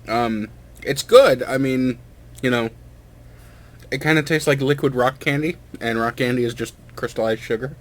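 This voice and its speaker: This young man's voice is medium-pitched, steady, slightly bright, and at a normal pace. A hobbyist vlogger, he tastes a drink at home while rambling hesitantly, full of fillers and self-deprecating remarks. The home recording is noisy, with clinking sounds.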